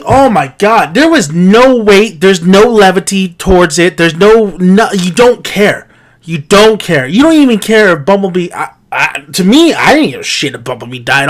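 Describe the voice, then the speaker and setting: A man's voice: high voice, fairly bright tone. A man giving an exasperated, profane film-review rant, firing off incredulous rhetorical questions and laughing between points. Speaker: movie reviewer.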